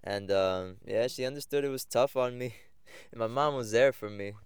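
A man's voice: mid-range voice, normal speed, clear, resonant tone, dry recording. A young man hosting a podcast, telling rambling, reflective stories from his own life in casual talk. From United States. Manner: rambling and reflective, many fillers and restarts. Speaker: podcast host. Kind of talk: casual personal storytelling.

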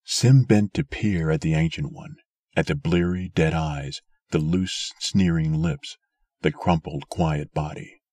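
A man narrating a story aloud in a steady, measured way. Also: rumbling low, no room sound, clean studio sound. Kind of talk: scripted audiobook narration.

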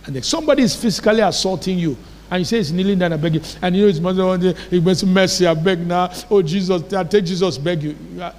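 A pastor preaching a sermon in a church, emphatic and asking his congregation rhetorical questions. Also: high voice. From Nigeria. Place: church hall. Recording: long reverb of a church hall.

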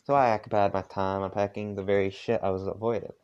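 A man's voice: fairly low pitch, level tone, fast talker, darkish tone, clear, resonant tone, muffled recording. A man reading a fan story aloud in a casual, rambling way, stopping for asides. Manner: rambling, with many fillers. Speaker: fanfic reader.

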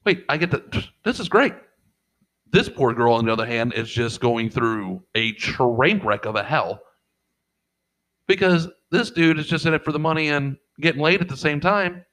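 Middle-aged man, casual chat, swearing freely, rambling, mid-pitched voice, jumps into quoted voices. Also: moderate pace, fairly bright tone, rough recording. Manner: profane, rambling storyteller who acts out quotes. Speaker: podcast co-host and father.

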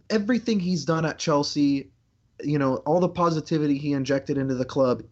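A man's voice: fairly high pitch, a little fast, a little mellow. A man co-hosting a sports podcast, talking casually with lots of restarts and fillers. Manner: rambling, many restarts and fillers. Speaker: podcast co-host. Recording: slightly dull lo-fi sound.

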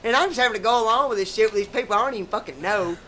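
A man's voice: sits high, very fast, bright, forceful tone, slight background noise. A man, hosting a podcast and telling rambling, profane stories in casual chat. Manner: profane, rambling, laid-back drawl.

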